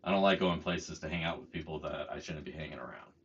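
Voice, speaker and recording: Telling a story in a heated, casual rant, a middle-aged channel host swears freely and mocks other people's words. His very deep voice is fast and a bit bright, captured in dull, lo-fi audio.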